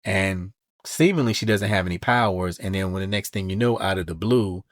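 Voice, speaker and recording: A man with a lowish voice hosts a podcast and walks through a comic book storyline. He talks casually and slips into the characters' quoted lines as he goes. The sound is close and dry. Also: fairly quick, no echo. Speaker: podcast host.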